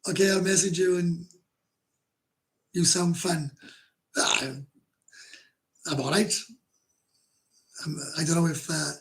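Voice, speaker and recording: A middle-aged Welsh man with a gravelly voice, pitched a bit high for a man. He hosts a casual livestream and chats with viewers in a blunt, rambling way. He swears freely and laughs often. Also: takes it slowly, long pauses, a bit bright. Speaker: livestream host. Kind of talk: casual livestream chat, reading comments.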